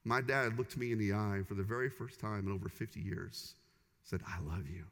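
A man's voice: fairly low pitch, steady tone, brisk, a bit bright. A man in his forties, a pastor preaching a sermon in an emphatic, repetitive cadence in a church sanctuary. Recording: long reverb of a large church hall.

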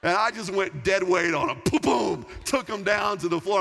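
A man in his forties, a pastor, preaching a sermon with animated, emphatic storytelling. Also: high-pitched, normal speed, creaky, faint music behind. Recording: long hall reverb.

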